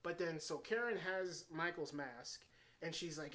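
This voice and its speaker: A man giving a casual spoken film review, excitable and swearing freely as he runs through scene after scene. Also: on the high side, unhurried. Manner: excitable, swears freely, strings events with "and then". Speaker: movie reviewer.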